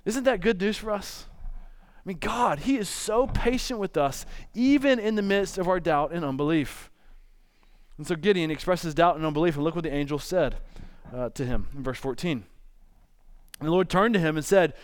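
A man preaching a sermon, retelling a scripture story in a casual, joking way with quick asides. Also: fairly high pitch.

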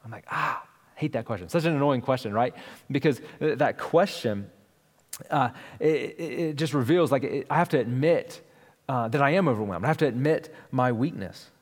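A man's voice: medium pitch, expressive, moderate pace, big-room sound. A man in his thirties preaching a sermon as pastor, conversational and storytelling, with frequent restarts.

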